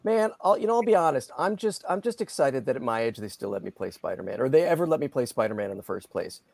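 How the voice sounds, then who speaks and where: A middle-aged man, a guest voice actor, chatting in an interview in a lively, self-deprecating way with many restarts. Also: mid-range voice, quick pace, gravelly, no room sound. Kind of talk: casual interview chat.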